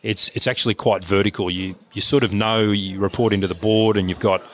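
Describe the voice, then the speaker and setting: A middle-aged man, co-hosting a casual chat in a measured, reflective way. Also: lowish voice, fairly even intonation, slight background noise. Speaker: co-host, former cricketer.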